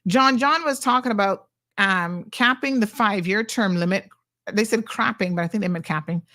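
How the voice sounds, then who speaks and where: A woman's voice: medium pitch, normal speed, pushed and bright. A middle-aged woman hosting a talk show, blunt and sassy as she reacts to viewer comments.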